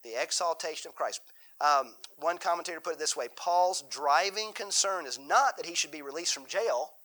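A man's voice: on the high side, pushed and bright, low-quality recording. A man leading a Bible study in a church room, talking in a folksy, conversational way, often restarting and repeating his words. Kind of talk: conversational sermon with Q&A.

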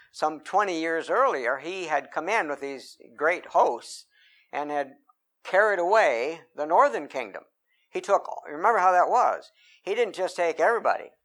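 Man, preacher, sermon, slightly high voice, emphatic scripture reading. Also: fairly bright tone. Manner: reads scripture in a slow, emphatic voice, with many fillers.

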